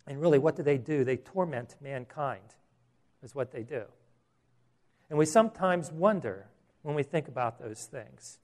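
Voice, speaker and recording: A man preaching a sermon, animated, rising to loud emphasis and dropping to quiet asides. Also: medium pitch, normal speed. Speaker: pastor.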